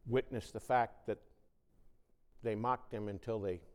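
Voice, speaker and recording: A man's voice: fairly even intonation, a little slow, clean tone. Man preaching a dramatic sermon in a hall. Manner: dramatic swings from loud, high scripture reading to hushed low reflection. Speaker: pastor.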